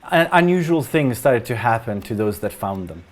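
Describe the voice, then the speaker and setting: A man narrating as game master of a tabletop role-playing game, explaining in an unhurried way. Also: mid-range voice, very animated.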